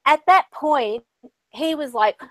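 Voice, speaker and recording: A woman's voice: high-pitched, slow pace, a bit bright, no room sound. A woman host and spiritual medium chatting casually, telling stories and acting out what others said. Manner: chatty, storytelling with quoted voices. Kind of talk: casual conversation.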